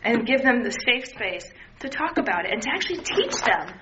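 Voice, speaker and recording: Woman in her thirties, personal testimony, bright voice, slightly high, dull lo-fi recording. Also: fairly quick. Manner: earnest, candid, animated with voiced quotes. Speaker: person in recovery sharing her story. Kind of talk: personal testimony, casual talk. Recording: dull lo-fi sound, faint noise.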